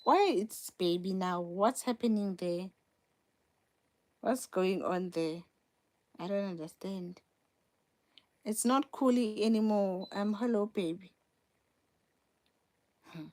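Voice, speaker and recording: A woman's voice: medium pitch, slow, long pauses, a little mellow. A young woman hosting a casual live stream from her phone, talking straight to viewers and repeating herself for emphasis. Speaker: livestream host.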